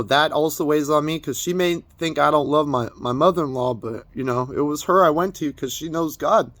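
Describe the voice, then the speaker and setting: A young male vlogger tearfully confesses something personal to the camera, rambling, stammering and swearing as he cries. His voice is a little high and a bit bright, and the recording is dry.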